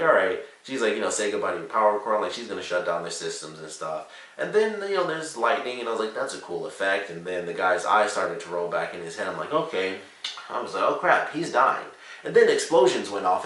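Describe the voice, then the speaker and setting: A man giving a casual, rambling spoken review of a TV episode, excitable and full of "like" and "you know". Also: low voice. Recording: roomy echo, distant from the mic.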